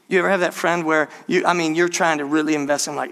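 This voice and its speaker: A man's voice: fairly high pitch, steady tone, fast talker, creaky, few pauses, fairly bright tone. A man preaching a sermon, addressing the congregation as church and acting out the people he quotes. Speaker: pastor.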